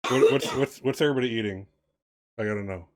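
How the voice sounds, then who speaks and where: A man narrating as game master of a tabletop game, halting and often laughing. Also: medium pitch, no room sound, clean studio sound. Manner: laughing, halting, many fillers.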